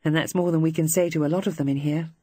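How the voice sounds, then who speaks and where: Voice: mid-range voice, fairly even intonation, quick pace, breathy edge, dry recording, close to an everyday voice. A reader voicing a young female wartime nurse who is earnest, kindly and coaxing. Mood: cheery. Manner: bright, coaxing, encouraging.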